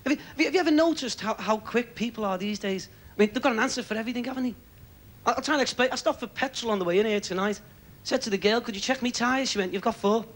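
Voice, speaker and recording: A man with a Liverpool accent doing stand-up comedy on a TV stage, with quick patter and stammering repeats. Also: very high-pitched, fairly bright tone. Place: TV studio stage.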